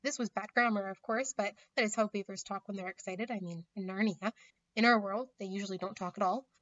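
A woman reading a children's storybook aloud in a gentle, measured narration. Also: mid-range voice, steady tone. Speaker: reader. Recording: slightly muffled recording.

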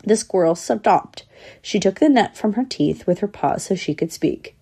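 A woman's voice: medium pitch, moderate pace, gravelly, slightly rough. A woman narrating a storybook, giving each character its own voice. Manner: lively, voicing each squirrel.

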